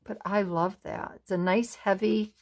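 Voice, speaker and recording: A woman crafter doing an unboxing, gushing admiringly and filling pauses with fillers. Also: mid-range voice, fairly even intonation. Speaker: craft vlogger. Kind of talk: unboxing show-and-tell.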